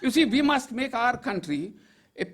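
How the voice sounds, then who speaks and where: A man's voice: very high voice, sing-song, moderate pace. An older man from Goa, giving an emphatic political speech to an audience with wry asides. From Goa, India. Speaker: public speaker.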